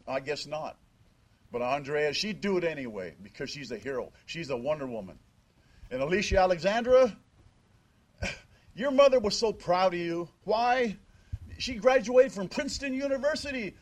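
A man's voice: sits high, sing-song, moderate pace. An older man speaking as a father at a memorial service, emphatic and fond of rhetorical questions. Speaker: father giving a eulogy. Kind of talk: memorial speech.

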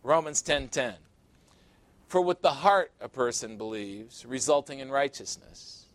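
A man's voice: mid-range voice, expressive, a little slow, no echo. A man preaching a sermon verse by verse, conversational and teasing, asking his listeners questions. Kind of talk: sermon, verse-by-verse Bible teaching.

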